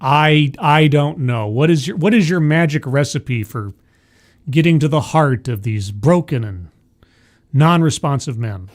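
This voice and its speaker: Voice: medium pitch, measured pace. Sarcastic streamer ranting at a clip, voice swoops up and down a lot. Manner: sarcastic, exasperated, animated. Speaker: streamer reacting to a video. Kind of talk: live stream commentary.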